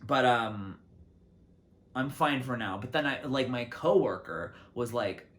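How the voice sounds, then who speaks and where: A young man hosting his own solo talk show, rambling casually to the camera from his city apartment with lots of fillers and restarts. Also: measured pace. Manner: chatty, lots of "like" and restarts, lively swings in pitch and loudness. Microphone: camera mic.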